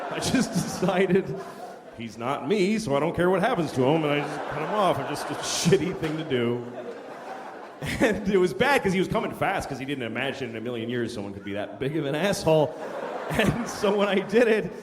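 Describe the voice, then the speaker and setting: A man's voice: medium pitch, background noise. A man doing a live stand-up routine, telling a crude story in a sardonic way and acting out the people in it. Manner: sardonic storytelling, crude jokes, acts out quotes. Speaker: stand-up comedian. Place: live comedy stage before an audience. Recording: reverberant hall with loud audience.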